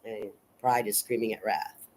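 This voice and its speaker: A woman casually recapping and analyzing a film in a rambling, unhurried way, full of fillers and restarts. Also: a bass voice, a little mellow, poor audio. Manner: unhurried and reflective. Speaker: film reviewer.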